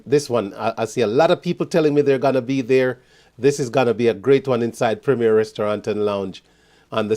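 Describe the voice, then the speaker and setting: A man with a lilt, hosting a live show at an ordinary middle pitch. He keeps the energy up, hyping upcoming events and greeting listeners by name. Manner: upbeat hype, shout-outs to listeners. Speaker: radio show host.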